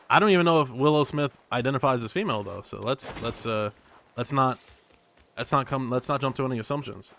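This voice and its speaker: A man's voice: medium pitch, quick pace, a bit bright, slight background noise. A young man streaming a game, rambling through jokes and tangents into his microphone. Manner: rambling, jokey, tangent-prone. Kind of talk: casual gaming commentary.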